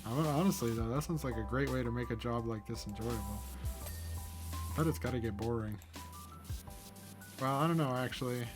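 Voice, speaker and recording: Over background game music, a young man with a mid-range voice hosts a gaming channel, talking at a moderate pace with frequent pauses. His let's-play commentary is rambling, chatty and cheerful, and he's easily amused.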